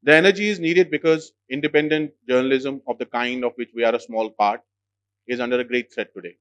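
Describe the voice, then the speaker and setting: A man who is an editor-in-chief gives a formal address at an event, speaking in a measured way with frequent "uh" fillers. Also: medium pitch, steady tone, fairly bright tone, smooth, no room sound. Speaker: editor-in-chief of a legal news outlet. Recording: dry, slightly dull lo-fi sound.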